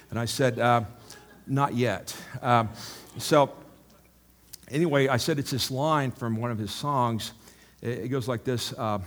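A man's voice: mid-range voice, moderate pace. A male pastor giving a sermon in a church, chatty and self-mocking, with frequent asides to the congregation.

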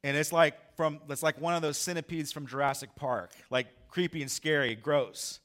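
A pastor tells a story from the pulpit with a bright, forceful edge to his voice. His pitch sits a little high for a man, and he jumps into loud, animated bursts when acting out what he said. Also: normal speed. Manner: animated, acts out his own lines loudly. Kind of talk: sermon storytelling.

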